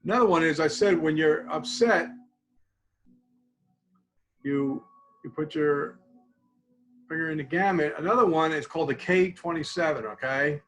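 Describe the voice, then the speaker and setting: An older man, a college support clinician, calmly teaching a tapping technique in a webinar, often dropping to quiet repeated phrases. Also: a little high, moderate pace, long pauses, low-quality recording.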